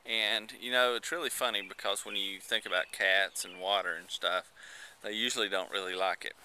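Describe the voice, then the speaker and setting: A man filming his cat outdoors while watering plants, chatting in a relaxed, amused way on a handheld camcorder. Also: fairly low pitch, normal speed, slight background noise. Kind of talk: casual home video vlog. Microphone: handheld camcorder mic.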